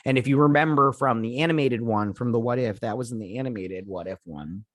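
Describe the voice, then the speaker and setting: A man's voice: mid-range voice, brisk, no echo. A man hosting a casual episode recap, rambling with lots of fillers as he retells scenes. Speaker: host.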